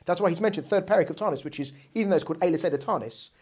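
A woman teaching a religious text lesson, reading passages aloud and posing rhetorical questions in an animated way. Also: on the low side, rapid-fire, husky. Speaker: Torah teacher.

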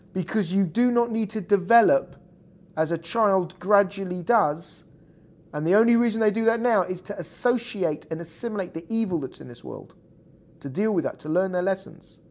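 A man's voice: sits high, darkish tone. A man teaching a Torah class in an explanatory classroom style, checking in with his students as he goes. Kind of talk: classroom lecture.

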